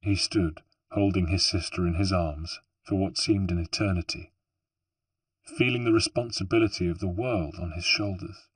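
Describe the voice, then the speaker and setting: Deep husky male audiobook narrator. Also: moderate pace, no echo. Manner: steady, even storytelling. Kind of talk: scripted narration.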